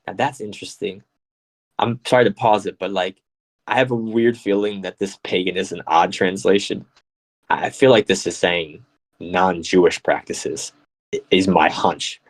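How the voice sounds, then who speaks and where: A man hosting a live radio show, chatting casually and reading scripture aloud, playful and quick to laugh. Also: deep voice, rough recording. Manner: playful, laughs often, slips into mock accents.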